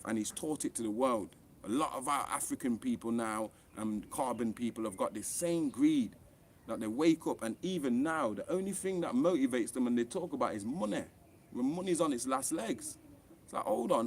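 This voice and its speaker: A man's voice: mid-range voice, normal speed, husky. Guy ranting to camera, blunt, sweary, heated, keeps pushing up for emphasis. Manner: heated, blunt and profane, with animated rising emphasis. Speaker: author and online commentator. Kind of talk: impassioned to-camera rant.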